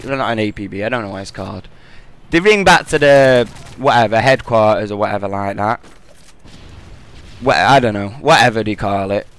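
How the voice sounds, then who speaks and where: A man's voice: medium pitch, fairly bright tone. Angry, profane young British man. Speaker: gaming commentator. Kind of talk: game commentary rant.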